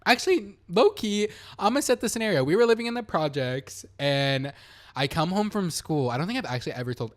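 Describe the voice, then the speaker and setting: Young guy podcast host, slightly high voice, animated storytelling, swears a lot, does voices for the people in his story. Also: a little fast. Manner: animated, swearing, acts out quotes. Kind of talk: casual storytelling chat.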